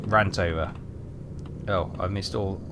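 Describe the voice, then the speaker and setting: A man's voice: low-pitched, fairly even intonation, takes it slowly, heavy background noise. A British man giving chatty, rambling live commentary while streaming a game, with dry joking asides.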